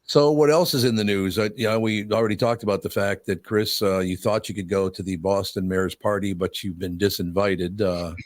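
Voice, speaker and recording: A man's voice: fairly low pitch, steady tone, fairly quick, hardly any pauses, dry recording, studio quality. An older man hosting a talk show, telling stories in a blunt, easygoing way and laughing often. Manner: storytelling, blunt, laughs easily. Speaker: host. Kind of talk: casual radio talk.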